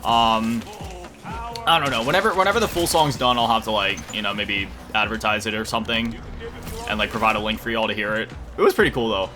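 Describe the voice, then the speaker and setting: A man's voice: on the low side, brisk. A young man from Florida chatting casually and rambling as he commentates his gameplay, swearing now and then. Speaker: gaming commentator. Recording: music playing loudly under the voice. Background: game music and gunfire.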